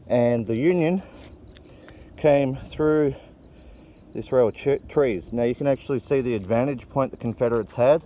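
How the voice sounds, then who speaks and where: A man's voice: mid-range voice, moderate pace, slight background noise. A man filming an outdoor walking tour on a hillside and narrating it in a casual, vivid way on a handheld camera mic. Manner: excited, vivid retelling.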